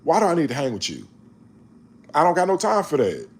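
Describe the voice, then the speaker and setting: A man, reading scripture slowly and then talking about it in a casual, emphatic preaching way. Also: on the high side, slightly rough. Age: 40s. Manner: slow measured reading, then animated, emphatic street-talk commentary. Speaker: online Bible reader and commentator.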